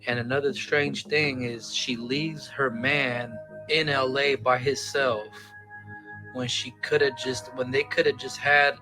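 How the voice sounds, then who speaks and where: A man with a bright, forceful voice talks casually, turning each point into a puzzled question. Faint music plays under him. His pitch sits in the ordinary middle for a man. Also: fairly even intonation, unhurried, low-quality recording. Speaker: commentator in a played clip. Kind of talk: casual commentary.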